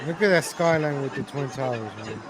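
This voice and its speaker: A man ranting in exasperation as he comments on videos for his viewers, calling them ladies and gentlemen. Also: medium pitch, expressive, brisk, background noise.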